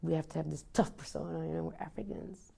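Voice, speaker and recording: A woman's voice: sits low, steady tone, quick pace, vocal fry, mellow, slightly rough. A woman in her thirties, speaking bluntly and with passion as an interview guest, cursing freely. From United States. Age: 30s. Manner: blunt and impassioned, swears freely. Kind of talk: candid conversational interview.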